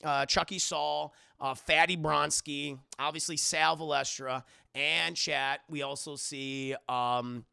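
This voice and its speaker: Young male streamer; rambling and profane, fairly high and gravelly. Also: fairly even intonation, slow pace, hardly any pauses, bright, forceful tone. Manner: rambling, profane, addresses chat. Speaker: streamer reviewing a movie. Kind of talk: casual movie recap to live chat.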